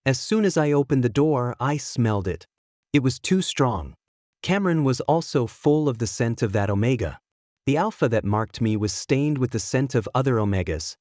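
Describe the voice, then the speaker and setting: Steady male story narrator, dry sound. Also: mid-range voice, no echo. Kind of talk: first-person scripted story narration.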